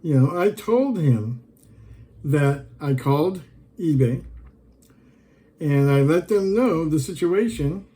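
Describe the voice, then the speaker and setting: A man with a slightly high, husky voice tells a story casually on his vlog. His tone is mellow, and he rambles with open exasperation. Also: animated, takes it slowly, pauses often, low-quality recording. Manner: exasperated, rambling, reads messages aloud. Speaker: online reseller.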